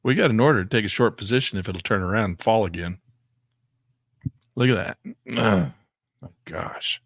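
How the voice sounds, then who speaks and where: A man giving excitable live commentary on his day trades, talking to himself and exclaiming as prices move. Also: lowish voice, a little fast, dry recording, studio quality. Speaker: day trading educator.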